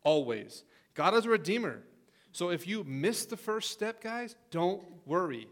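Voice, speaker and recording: A man's voice: high voice, animated, normal speed, fairly bright tone. A man preaching a casual sermon in a chatty way, often checking in with the audience. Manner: conversational, asks okay and right often.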